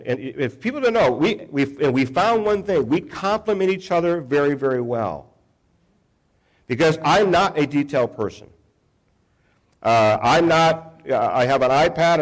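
A pastor preaching a sermon in a conversational, self-deprecating way, often restarting his sentences. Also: mid-range voice.

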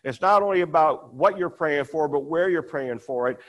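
High-voiced man preaching a sermon. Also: moderate pace, a bit bright. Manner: conversational, acts out quoted dialogue with rising pitch.

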